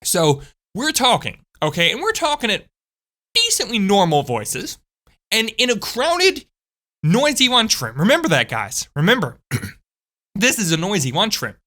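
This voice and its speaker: A woman telling a story from school in a chatty, animated way, with frequent asides to her viewers. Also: mid-range voice, a little slow. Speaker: channel host. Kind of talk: storytime vlog.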